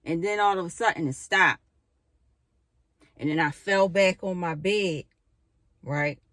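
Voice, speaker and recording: A young woman vlogging from her bedroom, telling a spiritual story in a casual, animated way, full of fillers and casual swearing. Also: on the low side, unhurried, dry recording. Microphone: camera in a bedroom.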